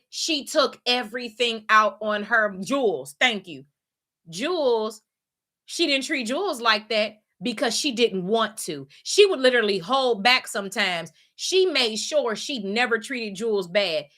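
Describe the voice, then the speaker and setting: Brief: woman host, bright voice, blunt profane rant. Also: fairly high pitch. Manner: blunt, profane, emphatic ranting. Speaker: podcast host. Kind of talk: casual chat.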